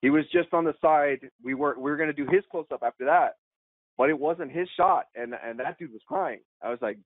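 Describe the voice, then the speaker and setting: A man, an actor guest on a podcast, telling a story in an animated, slangy way and calling people "man", "dude" and "bro". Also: fairly high pitch, fairly quick, no room sound. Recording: tinny phone-like remote call line, dry.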